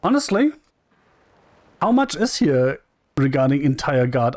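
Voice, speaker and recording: A man's voice: medium pitch, a little slow, long pauses, no echo. A man casually commenting on a role-playing game, reading the dialogue aloud in a wry, chatty way. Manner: wry and chatty, reads lines flatly and jokes.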